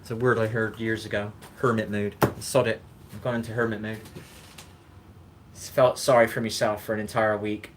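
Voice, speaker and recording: A man's voice: lowish voice, level tone, normal speed, slight background noise. A man hosting a live stream in casual chat, rambling, swearing and greeting viewers by name.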